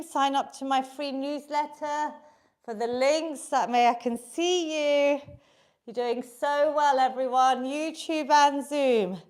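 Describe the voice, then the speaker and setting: A woman with a high, bright-pitched voice coaches a live online workout class. She talks at an unhurried, measured pace, and her cues stay upbeat and encouraging. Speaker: fitness instructor.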